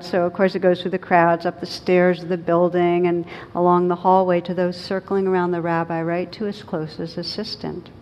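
A woman meditation teacher giving a dharma talk, telling stories and laughing at her own punchlines. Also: a little mellow. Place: large meditation hall. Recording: reverberant hall, muffled, faint rumble.

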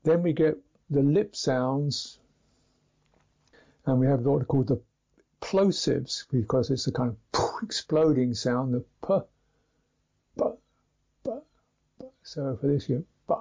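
A man teaching pronunciation in a slow instructional talk, deliberately repeating and demonstrating each consonant sound. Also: mid-range voice, creaky, warm tone. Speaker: Buddhist meditation teacher. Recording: dull lo-fi recording.

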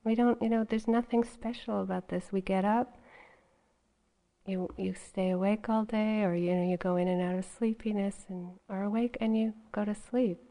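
A woman's voice: mid-range voice, fairly even intonation, normal speed, dark tone, rough recording. A woman meditation teacher giving a dharma talk in a conversational way, often adding "you know" as she goes.

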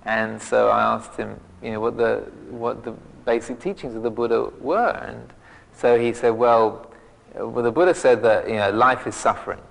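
A man's voice: medium pitch, fairly even intonation, moderate pace, vocal fry, big-room sound, low-quality recording. A man, a monk teacher, giving a dharma talk with many restarts and fillers and a self-mocking humor. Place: monastery meditation hall.

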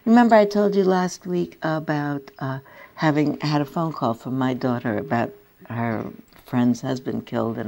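An older woman giving a dharma talk as a meditation teacher, telling stories in a gentle, reflective way. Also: a bass voice, gravelly. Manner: gentle, reflective storytelling with soft laughs.

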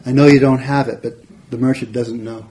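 A man voicing a gentle, loving male ox with a soft, sweet, calm and compassionate voice. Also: medium pitch, a little fast, a little hiss or hum, lightly acted. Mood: calm, kindly. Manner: calm and patient.

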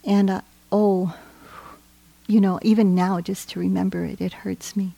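Woman meditation teacher, dharma talk: warm, mellow, gentle and reflective, dry close sound. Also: mid-range voice, fairly even intonation, measured pace, vocal fry, no echo. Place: meditation retreat.

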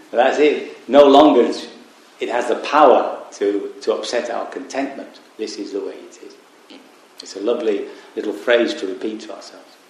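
A man giving a Buddhist dharma talk at a retreat, reflective and unhurried with wry asides. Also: on the low side, darkish tone. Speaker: Buddhist meditation teacher. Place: retreat meditation hall. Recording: very echoey room.

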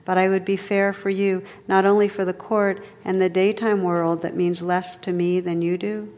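Dame Ragnell, a gentle enchanted lady, read by a woman. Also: medium pitch, flat delivery, moderate pace, close to an everyday voice. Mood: tender. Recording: long hall reverb.

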